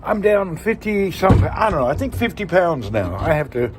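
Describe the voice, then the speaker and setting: A man's voice: a little high, sing-song, a little fast. A man chatting casually on a live stream, rambling and joking with frequent laughs, talking from inside a vehicle. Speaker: vlogger. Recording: noisy car ambience.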